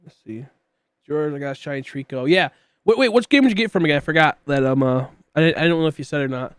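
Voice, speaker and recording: A man's voice: a little high, expressive, quick pace, clear, resonant tone, dry recording, clean studio sound. A young man streaming and chatting casually with viewers, rambling with many fillers and coughing often from a tickly throat. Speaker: livestreamer.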